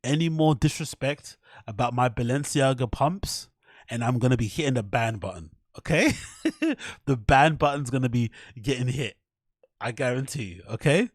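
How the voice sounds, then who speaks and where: A man rambles through his podcast, swearing freely and laughing at his own mock threats. His voice sits at an ordinary pitch. The sound is close and dry. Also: expressive, moderate pace, no echo. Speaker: podcast host. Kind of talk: casual rambling commentary.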